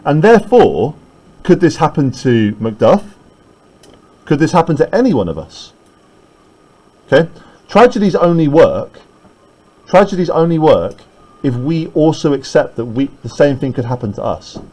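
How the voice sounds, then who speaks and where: A man's voice: on the high side, big pitch swings, moderate pace, pauses often, a little mellow, rough recording. Man teaching a class, checking in constantly. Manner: explains step by step, keeps checking in with "right?". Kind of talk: classroom literature lecture.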